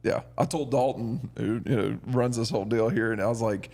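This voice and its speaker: Male host, gravelly voice, relaxed and chatty storyteller. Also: medium pitch, brisk. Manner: easygoing storyteller. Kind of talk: casual chat.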